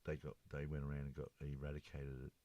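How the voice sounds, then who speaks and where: A man's voice: very deep voice, quick pace, no echo. An older Australian man telling rambling stories in casual chat, swearing and acting out what people said. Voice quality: swearing, rambling, acts out quotes in a raised voice. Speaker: storyteller guest. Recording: steady hum behind.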